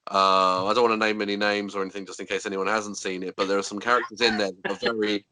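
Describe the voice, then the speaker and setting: Low, crisp-toned male podcast guest. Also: level tone, quick pace, bright, forceful tone. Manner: hesitant, lots of fillers, careful phrasing. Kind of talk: casual chat.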